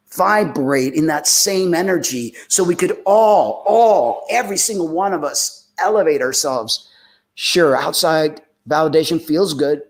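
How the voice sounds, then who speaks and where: A man hosting a live spiritual talk show, preaching emphatically in a rambling, casual way with many restarts and reading out listener comments. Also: on the high side.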